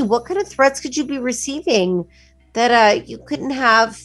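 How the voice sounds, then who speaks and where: A woman's voice: on the high side, normal speed, fairly bright tone, soft background music. Bubbly gushing woman co-host. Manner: chatty and gushing, laughs often. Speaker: morning show co-host and news reader. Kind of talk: casual morning-show banter and news reading. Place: broadcast studio.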